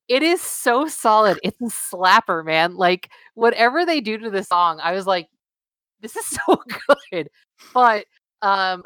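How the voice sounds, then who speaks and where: A woman's voice: fairly low pitch, fairly bright tone, clear, resonant tone, dry recording. A woman from Southern California co-hosting a podcast, chatting casually with lots of fillers and restarts. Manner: chatty, many fillers and restarts, laughs often. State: allergies, occasional cough. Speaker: podcast co-host. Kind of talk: casual chat.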